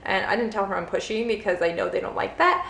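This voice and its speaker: A woman's voice: medium pitch, quick pace, creaky, a bit bright, a little hiss or hum. Chatty young woman vlogger, roomy echo. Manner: chatty, heavy use of "like" fillers. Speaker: vlogger, first-time mother. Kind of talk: casual storytelling to camera.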